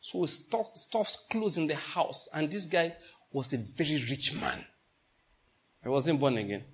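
Male Nigerian pastor, Enugu accent, slightly high voice, animated sermon storyteller. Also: a little slow. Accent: Nigerian English, Enugu. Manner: animated storytelling with laughter and mock outrage.

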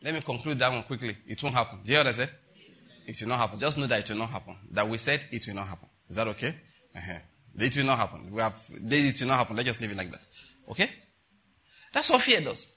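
A man's voice: mid-range voice, lively intonation, quick pace, pushed and bright. A man preaching a sermon as a pastor, scolding and mocking, repeating phrases for effect.

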